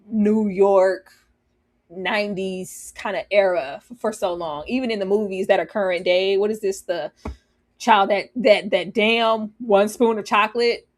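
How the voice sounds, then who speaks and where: On a review panel, a woman with a mid-range voice talks casually and animatedly about a TV series, laughing often and acting out scenes.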